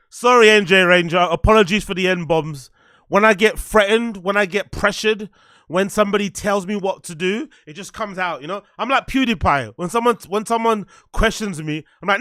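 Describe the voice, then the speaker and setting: A man's voice: high-pitched, normal speed, bright, forceful tone. A man hosting a livestream, chatting casually in slang and repeating his phrases over and over. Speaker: livestream host.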